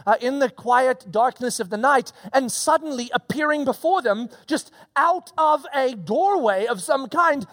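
Animated casual preacher man, dry sound. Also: extremely high pitch, no room sound. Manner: animated, conversational, slangy. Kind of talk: casual expository sermon.

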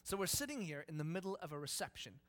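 A man in his thirties preaching, telling a family story with lively acted-out voices and frequent laughs. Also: on the high side, fast talker. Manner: animated, acts out voices, laughs often. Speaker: pastor. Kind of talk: sermon storytelling.

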